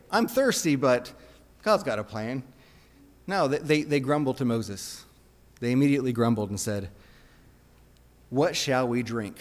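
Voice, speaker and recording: A man preaching a sermon in an earnest, conversational way, often restarting his phrases. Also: medium pitch. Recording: long reverb of a hall.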